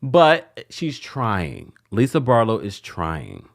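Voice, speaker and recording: A man's voice: mid-range voice, huge pitch swings, slow pace, gravelly. A man hosting a casual reality TV recap, chatty and gossipy, with playful asides. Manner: acts out the cast's lines in put-on voices.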